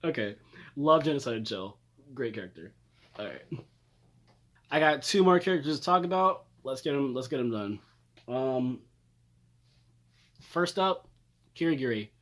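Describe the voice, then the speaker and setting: Animated young man ranting comedically. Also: normal speed, pauses often. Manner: animated, swearing, laughing, dramatic jumps up in pitch. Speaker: video creator reviewing characters. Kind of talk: comedic casual rant.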